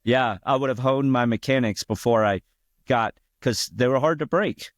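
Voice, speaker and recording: A man's voice: medium pitch, moderate pace, no echo, studio quality. A man, a guest pool player, talking casually in an interview and rambling with many restarts.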